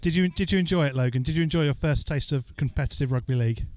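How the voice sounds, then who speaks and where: Casual podcast chat and listener questions come from a man substituting as host, who talks quickly in a slightly high, darkish voice. He's loose and jokey, and "uh" fillers pepper his speech.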